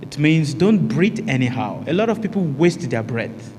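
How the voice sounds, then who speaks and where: A man's voice: a little high, big pitch swings, moderate pace, a little mellow, in a large hall, slight background noise. A man teaching a meditation class, often asking the group rhetorical questions and answering them himself, and repeating key phrases for emphasis. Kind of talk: spiritual teaching talk to a group.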